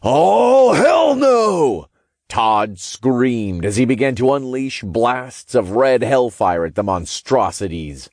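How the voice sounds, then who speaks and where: A man narrating a first-person novel in a steady storytelling manner with casual swearing. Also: sits low, dry recording, studio quality. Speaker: audiobook narrator.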